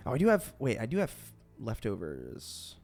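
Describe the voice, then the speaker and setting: A young man talks through his game on stream, his voice bouncing up and down. He thinks out loud and chats freely. Faint music sits behind him. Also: lowish voice, wildly swooping pitch, moderate pace. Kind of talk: casual chat while gaming on stream.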